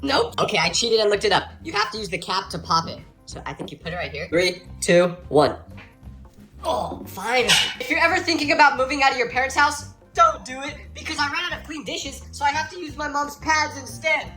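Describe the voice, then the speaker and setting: A woman rattles off short comedy skits to the camera, playful and exaggerated. Her voice sits high and swings widely, and she talks fast. Faint music plays underneath. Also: expressive, pushed and bright. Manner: playful, exaggerated, quick punchlines. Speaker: comedy TikTok creator.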